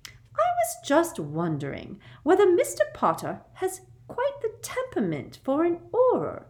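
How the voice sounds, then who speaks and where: A woman's voice: extremely high pitch, wildly swooping pitch, unhurried, darkish tone, voice pushed up, heavily acted. A woman voicing a simpering, falsely sweet middle-aged witch official in an audiobook, with a honeyed, faux-polite voice. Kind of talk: audiobook character voice.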